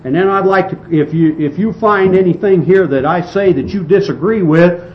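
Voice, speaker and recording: A man preaching a sermon, reading scripture and expounding it with slow, emphatic delivery and some restarts. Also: high voice. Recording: dull lo-fi recording with faint hiss.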